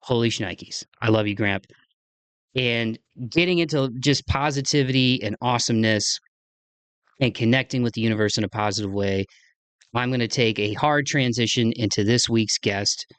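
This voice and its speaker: A man's voice: mid-range voice, moderate pace, a bit bright, clean tone, no room sound. A man hosting his podcast from his kitchen, telling a story in a rambling, chatty way full of fillers. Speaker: podcast host. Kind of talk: casual solo monologue. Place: home kitchen.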